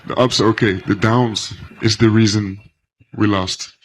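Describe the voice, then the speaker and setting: A man answering press questions after a game, halting and restarting words as he searches for them. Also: lowish voice, fairly even intonation, low-quality recording.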